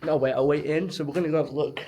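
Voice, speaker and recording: A man in a casual travel vlog, chatting excitedly as he explores underground ruins and caves. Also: a little high, very fast, slight background noise. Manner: chatty, excitable, jumpy about bugs. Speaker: travel vlogger.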